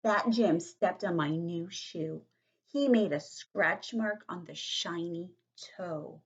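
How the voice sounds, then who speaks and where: A woman voicing a loud, bossy kindergarten girl in a storybook read-aloud, with a husky voice. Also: fairly low pitch, slow, highs cut off. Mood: grumpy. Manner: brash and hollering.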